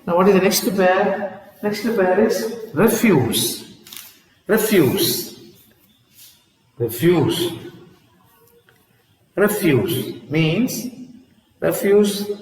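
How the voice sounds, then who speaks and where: A man's voice: a little high, roomy sound, big-room sound, far from the mic, rough recording. A man teaching an English lesson, repeating words aloud and checking in with "see?" as he explains. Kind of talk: classroom lesson on word stress.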